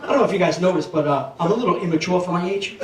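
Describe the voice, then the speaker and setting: A man's voice: high voice, very fast. A man, doing a stand-up comedy set with a brash, blunt wisecracking delivery. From Brooklyn, New York. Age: 50s. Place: comedy club stage. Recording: roomy club sound from a distant mic, crowd noise.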